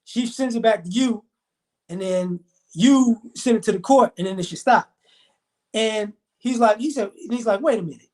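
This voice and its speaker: The voice is a man's, high-pitched with a darkish tone. He's ranting through a story to camera, cursing often and acting out each person's lines in a fast, heated retelling.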